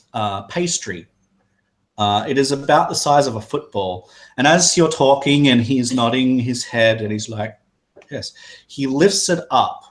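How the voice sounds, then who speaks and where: A man's voice: mid-range voice, low-quality recording. A man running a tabletop game as game master, describing scenes loosely with many fillers.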